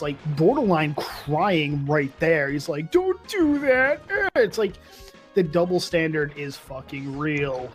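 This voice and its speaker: A man in casual livestream chat, hesitant and full of ums, telling crude jokes. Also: on the high side.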